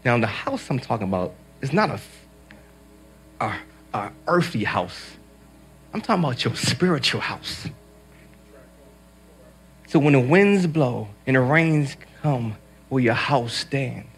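A man preaching a sermon, telling stories in an animated way with emphatic swings. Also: mid-range voice, measured pace, pauses often, soft background music.

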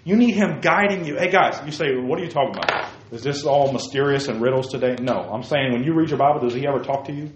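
A man preaching a sermon to young people, lively, calling listeners by name and asking them questions, swinging from loud outbursts to hushed asides. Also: mid-range voice, fast talker, roomy sound, dull audio, noisy background. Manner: addresses listeners by name, asks rhetorical questions. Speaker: youth preacher.

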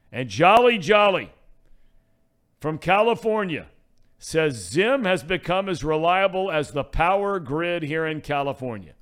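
Excitable joking sports radio host, American man. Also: fairly high pitch. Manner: joking, excitable, lots of restarts. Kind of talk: casual sports talk.

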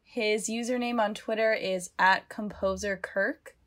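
A woman's voice: medium pitch, steady tone, measured pace, fairly bright tone. A woman co-hosting a podcast, reading the closing credits and spelling out handles. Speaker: podcast co-host.

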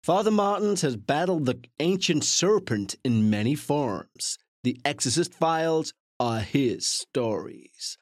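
A man voicing a grave, dramatic male trailer narrator, reading slowly in a shaky mock American accent. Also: fairly high pitch, lively intonation, dry recording, studio quality. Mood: ominous.

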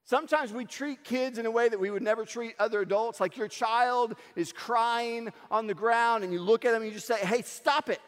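A man preaching a sermon, telling stories in an animated way and acting out the lines he quotes. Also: extremely high pitch, fairly quick, few pauses, smooth. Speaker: pastor. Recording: long hall reverb.

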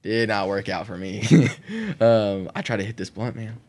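A man as a podcast guest, telling an emotional personal story in an animated way, with frequent laughter and many "like" fillers. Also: on the low side, normal speed. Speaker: guest sharing his conversion testimony.

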